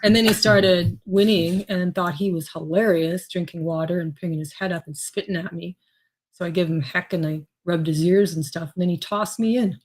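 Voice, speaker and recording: A woman's voice: fairly low pitch, fairly even intonation, moderate pace, a little mellow. A woman co-hosting a casual chat show, telling animal stories and laughing through them. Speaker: co-host.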